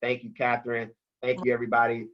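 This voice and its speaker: A man talking about money on a video call, emphatic, slangy and energetic. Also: medium pitch, quick pace, over a noisy crowd. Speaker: financial coach guest. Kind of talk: animated motivational talk on a video call. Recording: dull lo-fi call audio.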